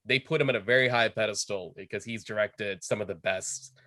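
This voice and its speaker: A man's voice: fairly low pitch, fairly quick, bright, forceful tone, no room sound. Eager man moderating, dry sound. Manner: eager, fan-knowledgeable explainer. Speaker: panel moderator. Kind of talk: casual panel chat.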